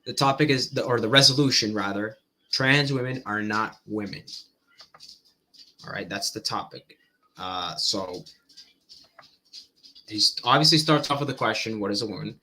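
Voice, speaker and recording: A man commenting on a debate clip in casual chat, thinking aloud, halting and repeating words as he goes. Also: on the low side, sharp tone.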